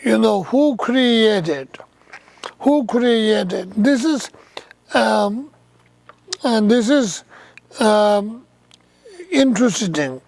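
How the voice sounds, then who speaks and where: A man giving a slow, halting dharma talk as a Buddhist teacher, with thoughtful pauses and non-native English phrasing. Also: high-pitched, creaky, darkish tone, no room sound.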